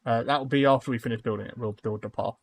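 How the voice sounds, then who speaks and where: A man's voice: mid-range voice, fairly even intonation, rapid-fire. A young man live-streaming a building game, chatting casually with viewers and rambling through lots of fillers and restarts.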